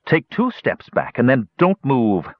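A man's voice: mid-range voice, sing-song, fairly quick, dry recording, pitched above the performer's own voice. A man voicing a stern, exasperated woman who is a queen in an audiobook, speaking sharply and commandingly. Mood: angry. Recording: dull lo-fi recording.

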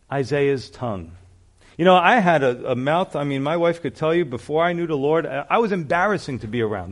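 A male pastor preaching a sermon in a conversational, storytelling way, with frequent asides to the congregation. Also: fairly high pitch.

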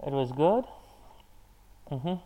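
This is a man leading a live online lesson and working through comments from the chat. His voice is mellow and dark rather than bright. He explains patiently in halting phrases, often pausing on filler sounds before he finds the word. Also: on the high side, expressive, low-quality recording. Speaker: Arabic teacher.

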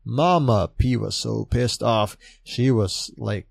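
A man hosts a relaxed spoken recap in the manner of a chatty, enthusiastic fan. He talks slowly and loosely, piling on asides and fillers. His voice sits dry and close, with little room sound around it. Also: medium pitch, creaky, slightly rough, dry recording. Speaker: podcast host recapping wrestling shows. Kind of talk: casual monologue recap.

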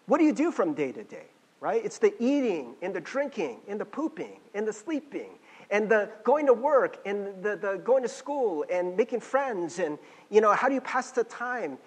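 A man in his forties teaching a class in a conversational lecture style, often checking in with a quick "right?". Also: high voice, sing-song, husky. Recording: long hall reverb.

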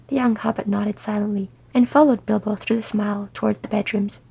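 A woman narrating a story aloud in soft, unhurried reading. Her voice is gravelly and deeply husky, with a mellow tone. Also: steady tone, low-quality recording. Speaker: audiobook reader. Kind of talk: reading fan fiction aloud.

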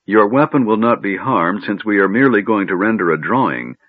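A man voicing an excitable, fussy male gnome who talks in rapid, eager bursts, recorded on a narrow phone-like line. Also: on the low side, husky, no room sound. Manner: rapid, eager, runs words together.

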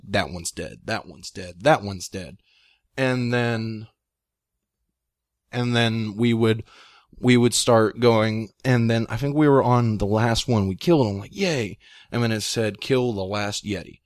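A young man telling a long story in casual chat, rambling and excitable, with many fillers. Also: mid-range voice, unhurried, no echo, clean studio sound. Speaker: guest storyteller.

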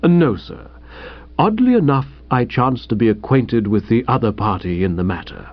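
A man's voice: medium pitch, animated, lightly acted. A man doing a formal, unflappable valet. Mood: calm. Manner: measured, formal, deferential. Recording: dull dry recording.

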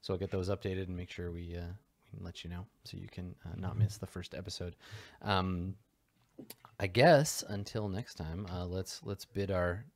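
A man hosting a tabletop game stream, signing off in a relaxed, rambling way with lots of fillers. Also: low voice. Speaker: game master and stream host. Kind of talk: casual stream sign-off.

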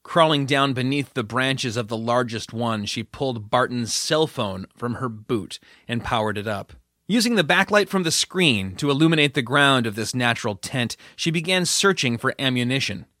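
Bright, dry-voiced male narrator. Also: medium pitch, expressive, normal speed, no echo. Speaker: audiobook narrator. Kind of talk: scripted narration.

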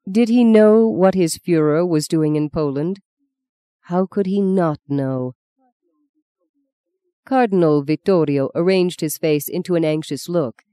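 A narrator reading a novel aloud in measured scripted narration. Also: mid-range voice, warm tone, smooth, no room sound. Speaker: audiobook narrator.

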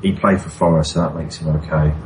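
A man's voice: a bass voice, fairly even intonation, quick pace, background noise. A man co-hosting a podcast, grumbling with dry sarcasm while chatting about a TV episode. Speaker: podcast co-host. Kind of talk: casual chat reviewing a TV episode.

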